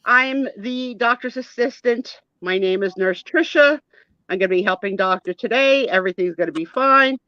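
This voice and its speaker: A woman voicing a stern, blunt female nurse who speaks briskly and scolds. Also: a little high, sharp tone, no room sound, voice pushed up. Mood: soothing. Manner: brisk, scolding, matter-of-fact. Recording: dull lo-fi dry sound.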